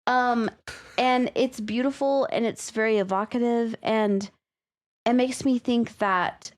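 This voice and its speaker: A woman's voice: a little high, steady tone. A woman co-hosting a podcast, chatting casually and laughing often while talking about a story. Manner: unhurried, drawn out, laughs often. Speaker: podcast co-host.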